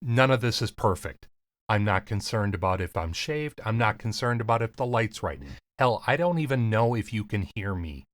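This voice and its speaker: A man's voice: fairly low pitch, lively intonation. Emphatic man with a slight lisp. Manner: emphatic, earnest, deliberate pauses; casual, swears lightly. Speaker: voiceover coach and podcast host. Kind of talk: direct-to-camera talk.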